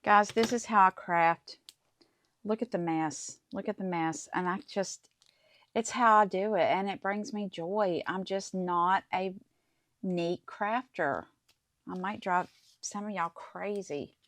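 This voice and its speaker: A woman's voice: medium pitch, slow pace, a bit bright, no echo. A middle-aged woman hosting a casual craft tutorial, chatting to viewers as she works through each step. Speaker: crafting channel host.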